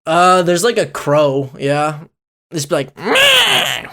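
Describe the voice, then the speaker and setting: A man's voice: on the high side, moderate pace, a bit bright. A young man narrating as game master, rambling and giggly with many fillers.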